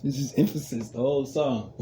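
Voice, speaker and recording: A man's voice: medium pitch, a little fast, mellow, a little hiss or hum. A man riffing alone on his podcast, rambling, repeating himself, laughing often and cursing freely. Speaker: podcast host. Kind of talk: casual podcast monologue.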